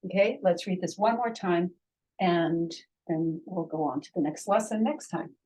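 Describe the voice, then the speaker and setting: A woman's voice: lowish voice, moderate pace, dark tone, low-quality recording. A woman teaching a language lesson, patiently sounding out syllables one at a time and repeating drills.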